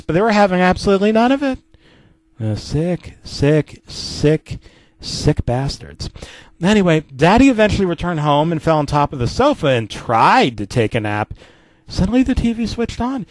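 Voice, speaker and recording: A man narrating a comedy story in a lively, swooping voice on the high side. He drops into deadpan asides as he reads. The sound is dry and close. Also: dry recording. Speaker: narrator, channel host.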